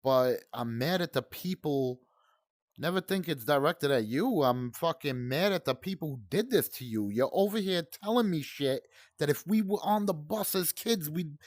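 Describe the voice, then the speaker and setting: A middle-aged man from Brooklyn, New York, delivers a heated, profanity-laced rant while he plays a game. His voice sits fairly high for a man, and the sound is dry and close with no room echo. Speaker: gaming channel host. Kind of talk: ranting commentary over gameplay.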